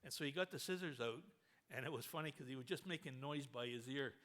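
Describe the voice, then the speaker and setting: Talking quickly in a medium pitch, a man at a memorial spins a comic anecdote with animated delivery, laughing along the way.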